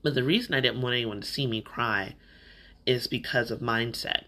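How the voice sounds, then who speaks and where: A man with a bright, forceful voice shares a personal story on his podcast. He talks candidly and reflectively, in a loose conversational flow. His pitch sits in an ordinary middle range for a man. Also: normal speed. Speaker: podcast host.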